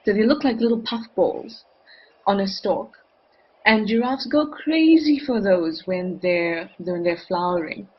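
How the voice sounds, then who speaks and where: A woman's voice: medium pitch, measured pace, slightly rough, dull audio. A woman hosting a live wildlife cam show, chatting enthusiastically and reading out viewer comments.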